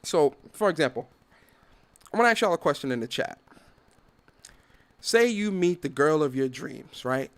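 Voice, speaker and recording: A high-pitched man hosts a podcast alone, ranting with lots of swings in his voice. He swears freely and acts out the people in his stories. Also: expressive, normal speed, long pauses, fairly bright tone, clean tone. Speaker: podcast host. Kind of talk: opinionated solo commentary.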